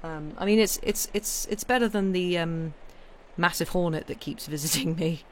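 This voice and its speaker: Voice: medium pitch, moderate pace, a little hiss or hum. A British-accented streamer chatting casually with viewers, rambling with many fillers and restarts. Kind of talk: casual live-stream chat.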